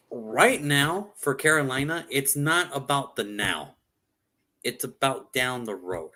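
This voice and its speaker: A man co-hosting a casual sports show, animated and joking, swearing freely. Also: a little high. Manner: animated, mock voices for effect, swears.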